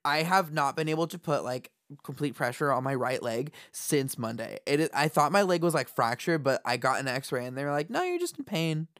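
A woman co-hosting a podcast, telling a story in casual chat, animated, laughing often and swearing. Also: extremely low pitch, normal speed, few pauses, no echo, studio quality. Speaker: podcast co-host.

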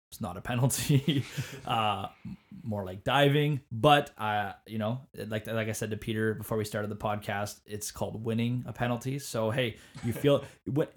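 Casting: male podcast host, casual and animated, stumbles into his points. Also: on the low side. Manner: animated, repeats words when starting a point. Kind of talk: casual sports podcast chat.

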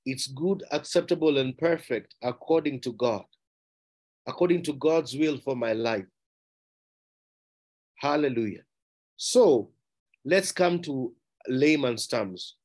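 Taking his time with long pauses, a preacher delivers a forceful sermon. He repeats key phrases and asks rhetorical questions, his voice getting higher and louder on the words that matter most.

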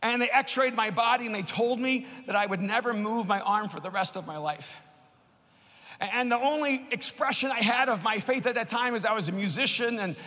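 A man preaching a sermon and telling a personal story, growing impassioned and building to shouts. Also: very high-pitched. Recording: long hall reverb.

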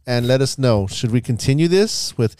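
Male podcast co-host, mid pitch, dry close sound, deadpan one-liners. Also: normal speed, no room sound. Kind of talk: casual banter.

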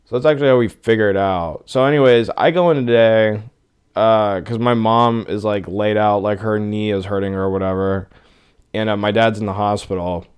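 A man's voice: on the low side, steady tone, moderate pace, smooth. A young man hosting a casual solo podcast, ranting in an exasperated, profane way. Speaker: podcast host.

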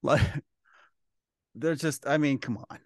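A man's voice: a little high, fairly even intonation, slow, no room sound, clean studio sound. A man co-hosting a podcast, joking and sounding incredulous as he talks about an old film. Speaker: podcast co-host. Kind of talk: casual film discussion.

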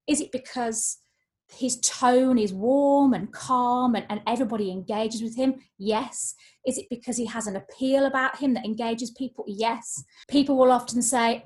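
A woman's voice: a little high, normal speed, darkish tone. A woman, a voice coach talking expressively in a podcast conversation. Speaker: voice coach guest.

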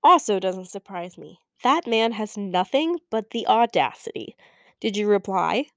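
A woman's voice: mid-range voice, animated, unhurried, fairly bright tone, no room sound, studio quality. A woman reading an audiobook, voicing a teasing, loyal young woman friend talking on the phone. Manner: teasing, blunt, playful. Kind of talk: audiobook character voice.

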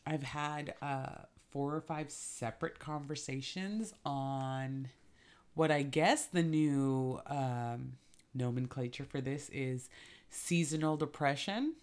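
A woman's voice: rumbling low, takes it slowly, a little mellow, smooth. A woman co-hosting a casual podcast chat, joking, laughing often and rambling between topics. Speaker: podcast co-host.

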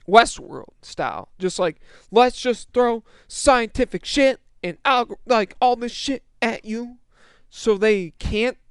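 A young man with a high, smooth voice rants about a film in casual speech. He swears often and trips over restarts as he rambles. The sound is dry and close. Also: no echo. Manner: exasperated, profane, rambling with many restarts. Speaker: movie reviewer. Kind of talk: casual rant.

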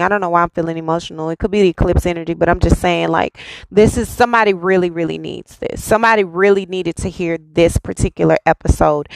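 A woman's voice: lowish voice, vocal fry, dry recording, poor audio. A woman giving an intuitive spiritual reading in a reassuring way, repeating her phrases insistently. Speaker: spiritual reader.

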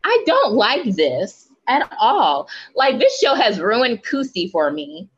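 A woman's voice: on the high side, sing-song, slow, slightly rough, lo-fi sound. A woman co-hosting a casual podcast, ranting emphatically and swearing freely. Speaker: podcast co-host.

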